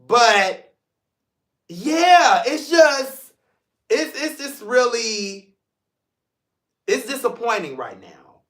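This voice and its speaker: A high-voiced man hosting his own talk show, loose and joking, then turning earnest. His tone is bright and ringing. The room around him echoes. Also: drawn-out words, long pauses. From St. Louis, Missouri. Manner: animated, joking, drifts between playful and emotional. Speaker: podcast host. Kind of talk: casual solo livestream talk.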